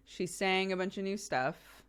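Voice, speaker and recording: A young woman streamer in casual chat, relaxed and giggly, rambling with lots of fillers. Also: mid-range voice, unhurried, clear, resonant tone.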